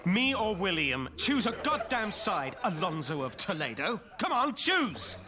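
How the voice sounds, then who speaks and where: An actor playing a proud, hot-headed young knight in a story-driven game, quick to anger. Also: male voice, fairly high pitch, sing-song. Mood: angry. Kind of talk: game voice acting. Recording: game audio with loud music.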